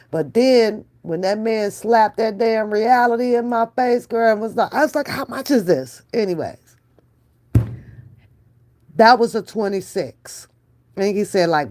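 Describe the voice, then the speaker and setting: A woman's voice: mid-range voice, darkish tone. A woman hosting a casual reaction vlog, slangy and emphatic, with frequent laughter. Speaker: reaction channel host.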